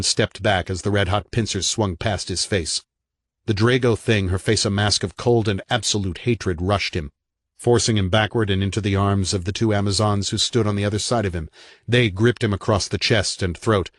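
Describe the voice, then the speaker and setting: A man reading a horror novel aloud in a dramatic, measured narration. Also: lowish voice, fairly even intonation, no echo, clean studio sound. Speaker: audiobook narrator.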